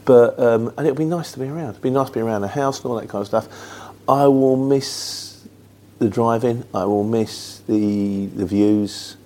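In a dark-toned, mid-range voice at normal speed, a middle-aged Luton man with a Mockney market-trader accent chats casually as a truck driver taking viewer questions. He's from England and talks plainly, rambling with lots of fillers.

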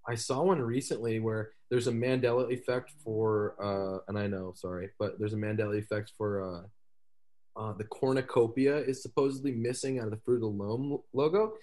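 A man's voice: lowish voice, steady tone, a little fast, warm tone. A man guesting on a casual podcast, telling loose stories with frequent laughs and little sound imitations.

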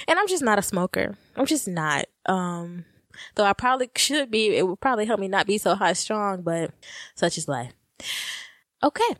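Lively, laughing young woman with a drawl. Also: a little high, dry recording, studio quality. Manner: animated, laughing often, addresses listeners as y'all. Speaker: podcast co-host. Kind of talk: casual storytelling chat.

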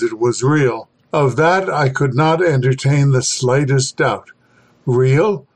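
Male horror storyteller, mid-pitched voice, measured, dramatic reading. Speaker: podcast host and reader. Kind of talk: scripted horror story narration.

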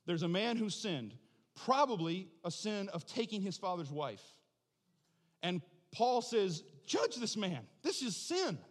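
A man preaching with a high, lively voice that swoops up and down through his sermon. He builds to fervent near-shouting, then sinks into a hushed prayer. The sound rings with the long reverb of a church hall. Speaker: pastor.

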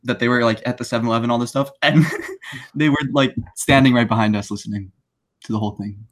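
A man's voice: medium pitch, steady tone, fast, fairly bright tone. A young man in his late teens on a casual podcast, telling an anecdote with lots of "like" and fillers. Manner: filler-heavy anecdote telling, laughs along. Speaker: podcast co-host. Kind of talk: casual chat.

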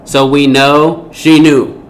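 A man's voice: a little high, level tone, slow pace. A man teaching a Bible lesson, speaking emphatically and often asking rhetorical questions.

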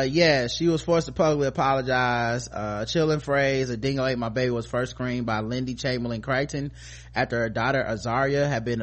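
A man co-hosting a casual podcast, reading news stories aloud and stumbling over words with many fillers. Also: mid-range voice. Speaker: podcast co-host.

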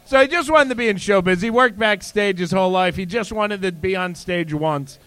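A man hosting a casual chat, telling jokes with lively acted-out lines. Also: high-pitched, fairly quick, clear, resonant tone, no room sound. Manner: animated storyteller, acts out lines. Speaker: podcast host.

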